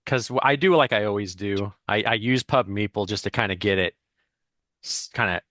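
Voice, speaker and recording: A man's voice: on the low side, moderate pace, a bit bright, no room sound, clean studio sound. A middle-aged man co-hosting a podcast in casual chat, loose and easygoing with many restarts, talking on a headset. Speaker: podcast co-host.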